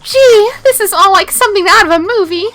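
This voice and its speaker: A woman's voice: very high voice, sharp tone, soft background music, voice pushed up. Woman playing a giggly flirty witness. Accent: slight put-on Southern. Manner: teasing, drawn-out giggly flirting.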